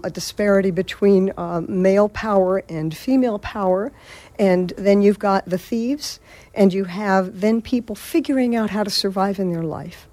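Woman, theater director, measured and reflective, radio interview guest. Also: mid-range voice, mellow.

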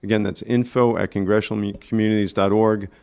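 A man with a New York accent, a guest on a casual radio interview, talking in halting bursts with many restarts. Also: lowish voice, flat delivery, creaky, a little mellow, clear, resonant tone. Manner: halting, restarts often, friendly. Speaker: community organizer guest.

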